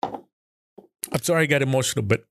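A man's voice: mid-range voice, lively intonation, moderate pace, gravelly, no echo, clean studio sound. A man hosting a political podcast, talking heatedly and emotionally with stammering restarts and swearing. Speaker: podcast host.

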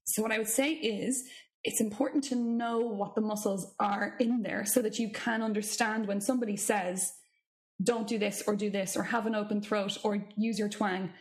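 Woman, singing teacher, casual chat, animated and curious, middle pitch. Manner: animated, curious, quick asides with laughs.

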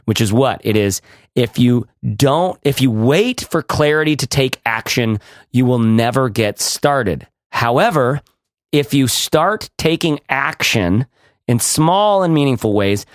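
A man's voice: dry recording, studio quality. A man co-hosting a casual podcast chat, talking animatedly with frequent restarts. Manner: animated, restarts often, rises in pitch when excited. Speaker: podcast co-host.

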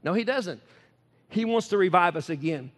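A man preaching a sermon in a folksy, chuckling way, swinging between loud exclamations and quiet asides. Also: sits high, lively intonation, normal speed, long reverb tail. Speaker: pastor.

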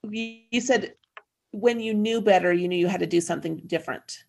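Woman counselor on a podcast, thoughtful, reflective, normal pitch. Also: fairly quick, vocal fry, a little mellow. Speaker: school counselor guest. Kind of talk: casual podcast conversation.

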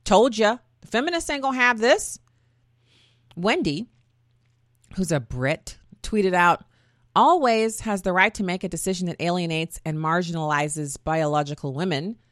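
A woman's voice: on the low side, expressive, normal speed, dry recording, studio quality. A woman hosting her own talk show, chatty and folksy, often wandering off on tangents. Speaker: podcast host. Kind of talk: casual opinion talk.

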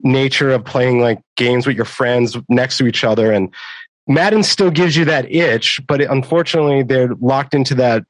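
A man who is a guest on a gaming podcast, talking casually in a rambling, halting way. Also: medium pitch, no room sound, rough recording. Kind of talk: casual interview chat.

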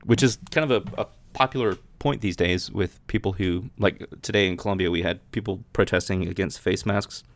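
Low gravelly man chatting over scripture. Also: fairly quick, hardly any pauses. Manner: reads scripture aloud then chats about it with many restarts. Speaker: podcast host. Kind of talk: casual Bible reading and commentary.

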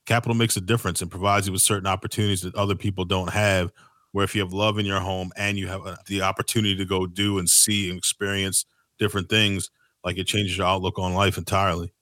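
A man's voice: sits low, flat delivery, fast, fairly bright tone, dry recording, clean studio sound. A man hosting a casual podcast conversation, rambling and filling his talk with "like" and "you know what I mean".

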